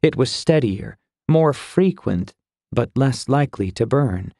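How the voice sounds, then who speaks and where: Brief: male audiobook narrator, mid voice, measured, dry studio sound. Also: mid-range voice, lively intonation, mellow, no room sound. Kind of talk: scripted fantasy narration.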